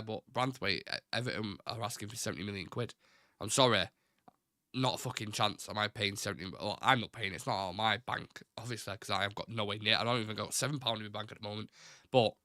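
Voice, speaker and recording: Mancunian lad in his twenties, live-stream host, blunt and chatty, bright tone, dry close sound. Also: mid-range voice, no echo. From Manchester, England. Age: 20s. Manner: casual, blunt, swears freely, reads out chat questions. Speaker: fan channel host. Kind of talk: live stream chat reading viewer comments.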